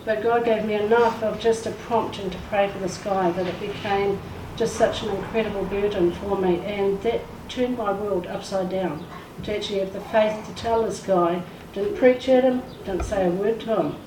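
A church speaker shares her testimony in a service, telling it emotionally and performing the quoted voices, with hardly any pauses. Her mid-range voice holds a steady tone at a moderate pace. She's recorded from far away in an echoey room with faint noise.

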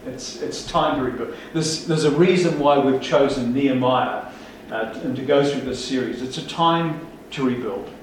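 A man's voice: mid-range voice, moderate pace, few pauses, a little hiss or hum. A man preaching a sermon as pastor, emphatic and rousing, with rhetorical questions to his congregation. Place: large church hall. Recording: echoey hall, speaker far from mic.

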